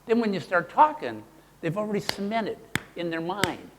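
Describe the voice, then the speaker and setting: A man presenting a live workshop, playful and animated, quizzing the audience as he teaches. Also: a little high, a little fast, in a large hall, slight background noise. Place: seminar room with an audience.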